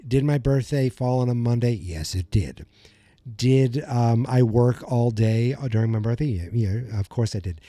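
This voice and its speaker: A man's voice: medium pitch, normal speed, warm tone, no room sound. A man in his forties hosting a comedic podcast in a rambling, self-deprecating, mock-dramatic way. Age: 40s. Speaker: podcast host. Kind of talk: comedic solo podcast monologue.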